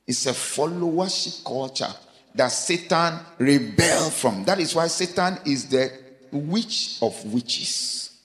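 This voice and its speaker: A man preaching a sermon, emphatic, asking the congregation rhetorical questions and swinging between raised lines and low quiet asides. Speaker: pastor. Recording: long hall reverb.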